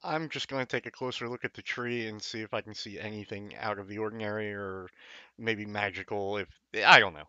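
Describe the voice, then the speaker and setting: A man's voice: lowish voice, fairly even intonation, a little fast, pushed and bright, dry recording, lo-fi sound. A man playing a tabletop game, speaking casually and tentatively. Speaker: player.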